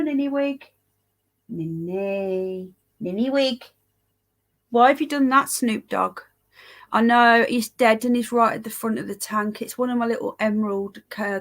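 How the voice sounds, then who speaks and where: A tired, yawning woman hosts a casual livestream, rambling chattily, greeting viewers by name and swearing now and then. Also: medium pitch. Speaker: livestream host reading live chat.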